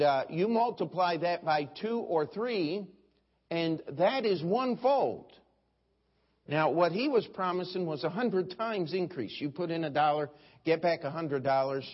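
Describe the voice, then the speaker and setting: A middle-aged man preaching a sermon as pastor, telling folksy stories and mimicking other preachers. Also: a little high. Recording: dull lo-fi sermon recording.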